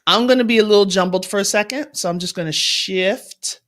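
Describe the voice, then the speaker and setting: A woman's voice: medium pitch, a little fast, fairly bright tone. A woman math tutor hosting a casual livestream, chatting in an upbeat way, greeting viewers and laughing often.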